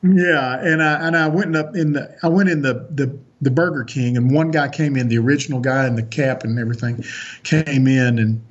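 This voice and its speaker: A man's voice: medium pitch, fairly even intonation, normal speed, highs cut off. A man on a podcast as a guest, earnestly recounting a personal story with frequent restarts.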